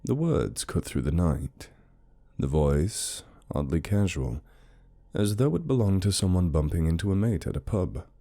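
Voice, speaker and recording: A man reading a horror story in a slow, measured, brooding way as scripted narration. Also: low-pitched, big pitch swings, dark tone.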